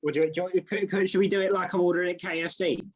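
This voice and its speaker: Rambling young comedian on a call. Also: male voice, sits high, fairly even intonation, fast talker, breathy edge, muffled recording. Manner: rambling, self-deprecating, lots of "you know what I mean". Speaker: comedian guest. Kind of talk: casual interview chat. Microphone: video call.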